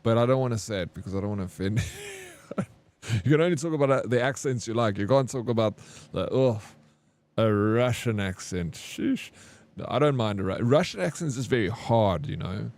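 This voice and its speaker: A man's voice: mid-range voice, lively intonation, fast talker, vocal fry, darkish tone. A young man from South Africa with a South African accent, chatting frankly and laughing easily with viewers while he streams a game. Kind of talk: casual live-stream chat with viewers.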